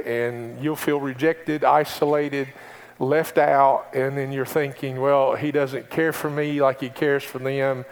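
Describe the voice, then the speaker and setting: A man's voice: fairly high pitch, steady tone, unhurried. Man preaching in a reverberant hall. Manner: preachy, rising to emphatic exhortation, repeats key phrases. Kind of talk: sermon. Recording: long reverb of a large hall.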